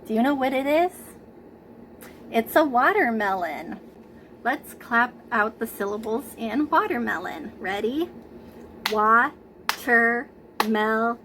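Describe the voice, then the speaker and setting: Very animated yet gentle and unhurried, a woman coaxes young children through a preschool lesson she leads from home, picked up by her computer camera mic. Her voice is a little high and frays into gravelly fry, with a light hiss beneath.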